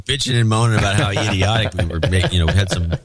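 A man's voice: lowish voice, racing, faint music behind. A man co-hosting a podcast in casual chat, rambling and cutting himself off as he reads out listener notes. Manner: rambling, self-interrupting. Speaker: podcast co-host.

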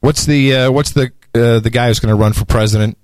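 A man hosting a podcast in casual chat, animated and mocking, often slipping into sarcastic voices. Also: medium pitch, a little fast, dry recording, studio quality. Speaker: podcast host.

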